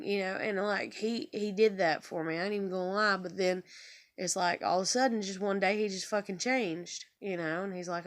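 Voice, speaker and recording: A woman's voice: medium pitch, fairly even intonation, normal speed. A young woman in a rambling, profane, emotional monologue, near tears as she talks from her bedroom. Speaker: vlogger. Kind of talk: emotional personal monologue to camera.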